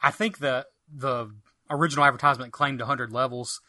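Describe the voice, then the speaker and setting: A man's voice: mid-range voice, steady tone, fairly quick, bright, forceful tone, dry recording. A man co-hosting a podcast, chatting enthusiastically about retro games with a rambling, filler-filled delivery. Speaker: podcast co-host. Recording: dry close mic.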